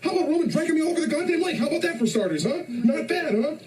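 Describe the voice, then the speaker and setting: A man's voice: extremely high pitch, animated, rapid-fire, over a noisy crowd. An actor playing an exasperated middle-aged family man on vacation, ranting sarcastically, heard as distant film audio with background noise. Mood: sarcastic ranting.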